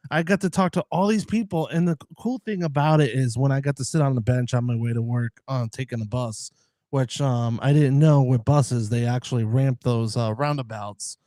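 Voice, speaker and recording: A man's voice: medium pitch, normal speed, warm tone, no room sound. An American man in casual chat, talking earnestly and rambling with many fillers. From United States. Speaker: podcast guest.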